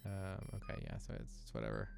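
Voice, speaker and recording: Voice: deep voice, big pitch swings, quick pace, gravelly, darkish tone. Let's play host chatting loose and hesitant over a retro game, cusses a lot, faint game music behind. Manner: rambling, hesitant, swears casually. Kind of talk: casual gameplay commentary.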